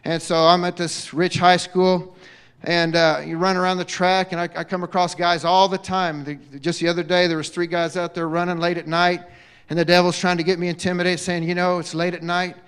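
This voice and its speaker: A man's voice: high-pitched, level tone, brisk, a bit bright, clear, resonant tone. A middle-aged man preaching a sermon in church, telling stories with frequent amens and restarts. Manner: storytelling, frequent amens, many fillers and restarts. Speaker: guest preacher. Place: church sanctuary.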